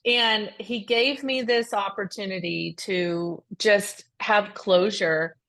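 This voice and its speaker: A woman's voice: mid-range voice, steady tone, slow pace, a bit bright. Earnest woman telling a story. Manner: earnest storytelling with frequent restarts. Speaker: podcast co-host. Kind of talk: casual faith podcast chat.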